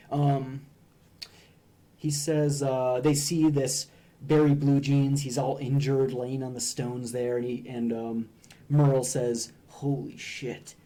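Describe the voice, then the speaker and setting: A man's voice: mid-range voice, creaky, warm tone. A young man streaming, casually analyzing game humor in a hesitant way, with frequent ums and restarts.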